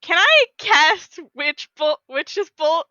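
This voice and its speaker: A woman's voice: very high-pitched, very animated, takes it slowly, sharp tone, no room sound, highs cut off. A woman playing a tabletop game, hesitant and giggly, with many ums. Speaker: player. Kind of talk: casual tabletop game chat.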